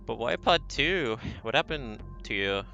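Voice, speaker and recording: A man's voice: mid-range voice, lively intonation, unhurried, creaky, sharp tone. A man streaming a game, chatting casually with viewers and reading text aloud, laughing often. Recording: slightly dull lo-fi stream audio with faint music.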